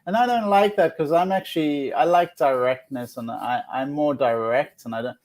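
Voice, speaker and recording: A man living in Australia, hosting a relaxed chat as a psychic, earnest and often restarting his phrases. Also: fairly high pitch, normal speed. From born outside Australia. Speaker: psychic host. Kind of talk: casual chat.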